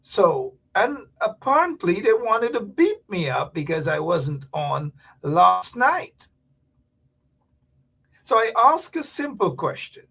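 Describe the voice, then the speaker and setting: A man hosts a casual talk show monologue in a chatty, animated way. His voice is gravelly and husky, sitting a little high and swinging widely in pitch. He sometimes drops to a hushed whisper for asides. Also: slow pace.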